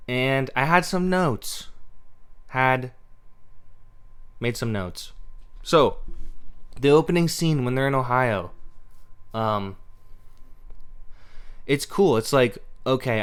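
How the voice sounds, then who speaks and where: A man's voice: mid-range voice, a bit bright, clear, resonant tone. A man hosting a podcast, rambling through a profane, casual rant about a movie with lots of filler words. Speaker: podcast host.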